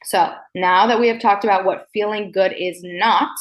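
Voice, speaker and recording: A woman hosting a self-help podcast, talking deliberately slowly and emphatically, frank and playful, often checking in with "okay?" and swearing casually. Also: mid-range voice, fairly even intonation. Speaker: podcast host.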